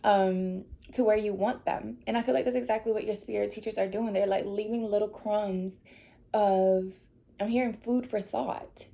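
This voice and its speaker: A woman's voice: mid-range voice, fairly even intonation, normal speed, gravelly, dark tone. A woman giving a tarot reading to her viewers, tearful and reassuring, laughing through her emotion. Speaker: tarot reader.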